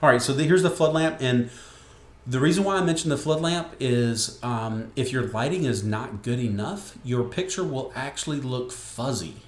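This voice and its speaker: A man's voice: medium pitch, animated, moderate pace, reverberant. A man giving a casual, rambling tutorial from his home desk, with many fillers and restarts. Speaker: webcasting instructor. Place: home room with desk and window. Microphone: computer screen recording.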